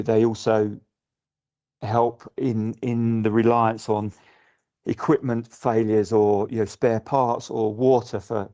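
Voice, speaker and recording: A man's voice: mid-range voice, dark tone. A middle-aged man from the UK, a guest sailor on a casual podcast, speaking thoughtfully with frequent restarts and fillers. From United Kingdom. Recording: muffled lo-fi audio.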